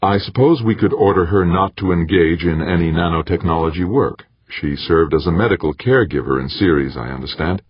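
A man's voice: low-pitched, fairly quick, few pauses, husky, no room sound. A man doing a scheming, ingratiating official. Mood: deferential. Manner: polite, soothing, ingratiating. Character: scheming, smoothly deferential male official. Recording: dull, muffled audiobook recording.

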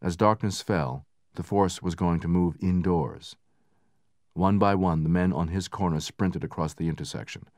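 A man narrating a book in steady, measured scripted narration, raising his voice for the soldiers' lines. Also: deep voice, no room sound, studio quality. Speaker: audiobook narrator.

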